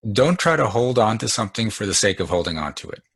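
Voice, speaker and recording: Man, low and husky, reassuring advisor in a casual chat. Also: fast talker, dry recording. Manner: calm, reassuring, advising, with restarts.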